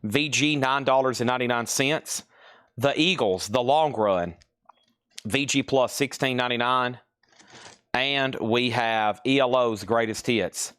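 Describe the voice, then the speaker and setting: A man runs a casual live sale from his store, rattling off items and prices. He talks in a chatty, teasing way. His voice sits at a middling pitch and the sound is dry and close. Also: a little slow, fairly bright tone, smooth, dry recording. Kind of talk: casual live-stream selling.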